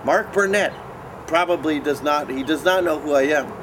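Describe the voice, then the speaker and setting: A man's voice: a little high, moderate pace, noisy background. A man bragging and scolding in dry, exasperated comedic banter. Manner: boastful, exasperated, deadpan. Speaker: show regular talking with puppets.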